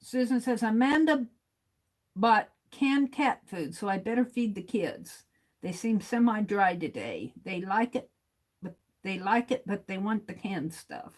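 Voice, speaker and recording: A woman hosting a casual livestream, reading viewer comments aloud, chuckling often and thinking out loud. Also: medium pitch, expressive, measured pace, low-quality recording. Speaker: livestream host.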